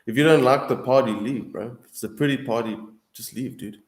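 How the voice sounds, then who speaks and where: A man's voice: medium pitch, brisk. A young man in a casual, heated monologue, swearing often and calling the listener bro and dude. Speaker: streamer answering viewers. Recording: echoey room.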